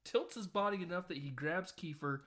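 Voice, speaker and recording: A man hosting a casual film podcast, recapping scenes with quick quoted voices. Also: sits high, a bit bright. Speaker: podcast host.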